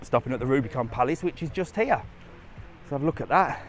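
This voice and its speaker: A man's voice: a little high, lively intonation, fast talker, soft background music. A man doing a live walking vlog, chatting cheekily and rambling as he strolls along a seaside resort promenade, filming on a handheld phone. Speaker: travel vlogger.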